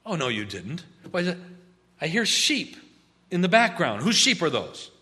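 A preacher acting out a stern, indignant prophet. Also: male voice, medium pitch, very animated, fast, fairly bright tone, in a large hall. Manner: indignant questioning. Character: stern prophet scolding a king.

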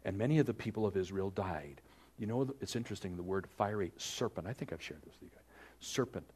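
A man's voice: quick pace, slightly rough. A man preaching a sermon, telling stories and acting out grumbling people in raised voices. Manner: lively storytelling preacher, acts out complainers in higher voices. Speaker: pastor.

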